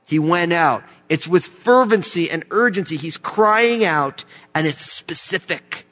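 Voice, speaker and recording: High-voiced fervent male preacher. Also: animated, unhurried, fairly bright tone. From United States. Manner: emphatic, fervent preaching with rhetorical questions. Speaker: pastor. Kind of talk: sermon. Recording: long hall reverb.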